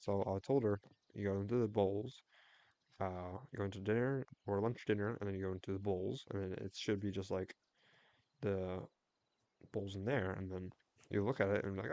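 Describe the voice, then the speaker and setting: A man's voice: on the low side, fairly even intonation, a little mellow, no echo. Rambling young man streaming a game. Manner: rambling, storytelling with quick restarts. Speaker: livestreamer. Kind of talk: casual chat while gaming.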